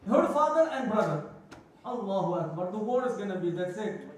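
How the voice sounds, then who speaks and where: Man, Friday sermon, lively storytelling, high voice, booming hall echo, distant mic. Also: brisk, a little hiss or hum. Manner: storytelling with acted quotes and Arabic phrases. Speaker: khutba speaker. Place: mosque prayer hall.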